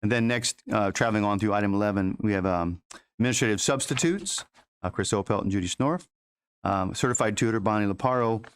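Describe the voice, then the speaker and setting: A man presenting agenda items at a school board meeting in an informal, halting way with many fillers and restarts. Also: lowish voice, smooth.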